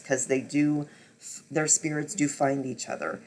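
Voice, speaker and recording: A man casually reviewing books he read, telling it dramatically, swearing and repeating himself as he gets worked up. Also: normal speed. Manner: swings from low muttering to loud near-shouting. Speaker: book reviewer. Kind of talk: casual book wrap-up vlog.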